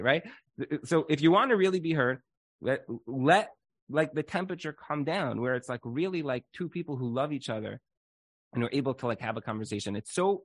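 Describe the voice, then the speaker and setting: A man's voice: mid-range voice, no echo. A man talking as a marriage counselor in a casual podcast chat, animatedly acting out what spouses say. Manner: animated, acts out quoted spouses.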